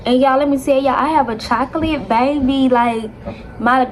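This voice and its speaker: Animated young woman telling a storytime. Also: sits high, normal speed, background noise. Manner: animated, dramatic retelling with constant "y'all". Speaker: vlogger. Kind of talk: casual storytime to viewers.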